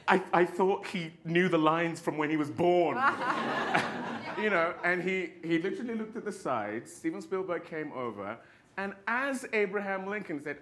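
Male actor panelist with a bright tone, expressive storyteller who laughs through his anecdotes. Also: medium pitch, normal speed. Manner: expressive, laughs often while telling stories. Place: panel stage.

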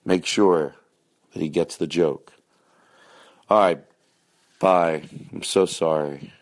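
A man hosting a comedy podcast, rambling in a self-mocking, swearing monologue that jumps into a high excited voice. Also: slow.

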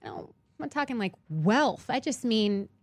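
A woman's voice: a little high, expressive, moderate pace, over a noisy crowd. A woman guest on a podcast, an actress and producer, talking in an easygoing, candid casual chat and swearing now and then.

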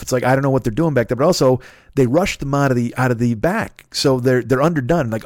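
A middle-aged man from the Chicago area tells a story as an exasperated, profanity-laced rant. His voice sits at an ordinary middle pitch and the sound is dry and close. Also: fast talker, darkish tone, no room sound. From Chicago area, USA. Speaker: podcast host.

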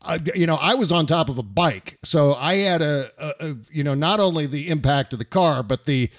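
A man's voice: on the high side, moderate pace. A middle-aged man hosting a casual political chat, reflective and laughing often.

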